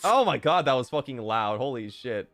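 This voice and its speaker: A young man streaming and casually chatting while reading fan messages, swearing often and jumping into loud outbursts. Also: mid-range voice, normal speed, no room sound, faint music behind. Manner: excitable, swears a lot, swings to loud outbursts.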